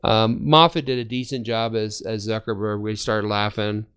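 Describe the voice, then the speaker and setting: A man's voice: fairly low pitch, level tone, normal speed, fairly bright tone, clear, resonant tone. A young man co-hosting a fan podcast, chatting in an easygoing, agreeable way. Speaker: podcast co-host. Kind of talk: casual chat.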